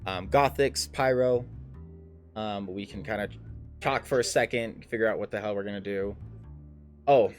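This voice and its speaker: A man's voice: lowish voice, normal speed, pauses often, faint music behind. A man narrating a tabletop game as game master, rambling with many fillers and restarts.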